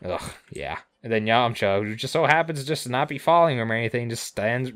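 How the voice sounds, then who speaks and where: A man co-hosting a podcast, recapping episodes casually with sarcasm, swearing and quick character impressions. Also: lowish voice, a bit bright. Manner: sarcastic, swears a lot, acts out characters' lines. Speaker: podcast co-host.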